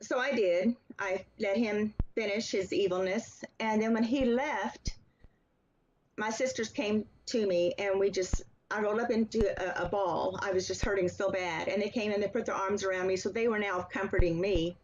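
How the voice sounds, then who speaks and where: An earnest woman speaks at a middle pitch, telling her story in a steady, deliberate way. The recording is a little dull and lo-fi, with the top end softened. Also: slight background noise. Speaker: author and interview guest. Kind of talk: personal testimony in an interview. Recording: slightly dull, lo-fi sound.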